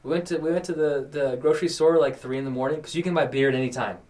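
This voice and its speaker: Young male podcast host, casual storyteller who voices the people he quotes, slightly raised pitch, sits back from the mic. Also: very fast, darkish tone, far from the mic. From New Mexico. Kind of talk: casual chat.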